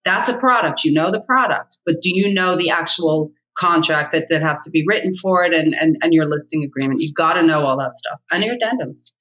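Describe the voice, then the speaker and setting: A woman's voice: low voice, a little fast, few pauses, a bit bright, poor audio. A middle-aged woman, a real estate agent speaking as an interview guest, blunt and emphatic, hammering her points home by repeating them. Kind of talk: candid interview talk.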